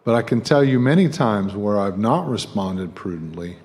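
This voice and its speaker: With a fairly low, darkish voice and lively intonation at normal speed, a middle-aged guest preacher delivers a conversational sermon full of jokes for the congregation. The setting is a church sanctuary, recorded with long hall reverb.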